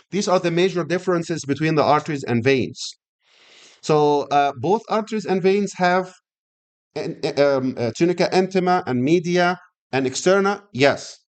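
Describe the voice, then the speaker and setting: A middle-aged man lecturing on anatomy, repeating key terms and asking students frequent questions. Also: a little high. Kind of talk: classroom lecture.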